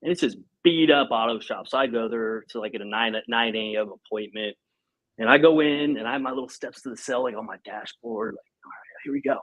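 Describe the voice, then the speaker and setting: A man in his thirties, a guest on a podcast, telling a story in a casual, animated way and acting out what people said. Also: medium pitch, fairly quick, rough recording. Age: 30s. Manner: animated, acts out quoted speech, laughs often. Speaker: podcast guest, company president.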